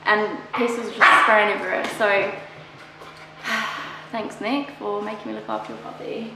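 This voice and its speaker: A woman's voice: medium pitch, steady tone, moderate pace. A young woman vlogging casually at home, candid and chatty, fond but exasperated while looking after a puppy. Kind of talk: casual chat to camera. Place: room in her house. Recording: very echoey room, audible background noise.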